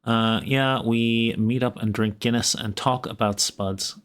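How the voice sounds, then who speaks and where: A man's voice: mid-range voice, steady tone, a little slow, a bit bright, clear, resonant tone. A young Irish man with an Irish accent, chatting casually with viewers while running a tabletop game as game master, laid-back and often chuckling. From Ireland.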